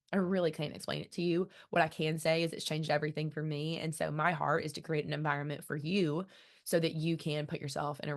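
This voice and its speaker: A woman in her thirties hosts her own podcast in a casual solo monologue. Her voice sits a little low, and she sounds eager and sincere, talking warmly and freely to her audience. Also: vocal fry. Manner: enthusiastic, earnest and chatty. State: emotional, close to tears. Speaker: podcast host.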